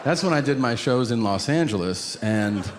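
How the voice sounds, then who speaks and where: A man doing a stand-up comedy set, telling a story with lively delivery and jumping high in pitch when he plays his own flustered lines. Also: moderate pace, heavy background noise. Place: large venue with a loud audience. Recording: echoey live hall, loud crowd.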